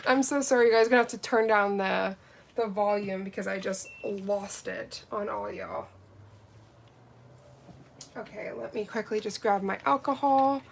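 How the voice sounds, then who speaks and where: A woman reviewing nail gels on a live stream, gushing and gasping with excitement and chatting to viewers. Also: mid-range voice, measured pace, a little hiss or hum. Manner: gushing, gasping, breathy exclamations, greets viewers. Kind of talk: excited live unboxing chat.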